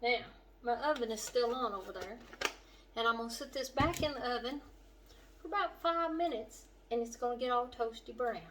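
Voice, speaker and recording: A middle-aged woman with a western Kentucky accent, hosting a home cooking demonstration in her kitchen and chatting warmly to the viewer. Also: on the high side, normal speed, background noise. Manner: homey and chatty, talking straight to the viewer. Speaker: cooking show host.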